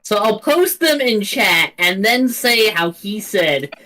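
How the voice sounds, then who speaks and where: A game master chatting casually with players at a tabletop game, animated and swearing freely. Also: mid-range voice, slow pace, low-quality recording.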